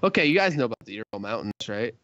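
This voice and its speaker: A young man co-hosting a loose, joking podcast, wandering through a tale with lots of asides. His voice swings lively up and down. The audio is slightly dull and close, with no room echo. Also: lowish voice, fast. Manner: joking, rambling storyteller who slips in a mock accent. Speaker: podcast co-host. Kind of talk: casual podcast chat, storytelling.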